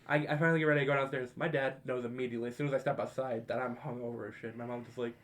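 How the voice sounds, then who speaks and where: A young adult man co-hosts a podcast, his mid-range voice moving at a quick clip over a faint hiss or hum. He's casually retelling a story to friends, animated, profane and full of laughter.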